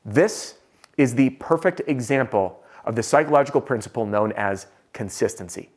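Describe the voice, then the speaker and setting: A man in his ordinary middle register tells a story to the camera as a sales trainer. He talks in an animated way and acts out the quoted dialogue. He sinks to a low murmur when he repeats whispered words. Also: moderate pace, breathy edge.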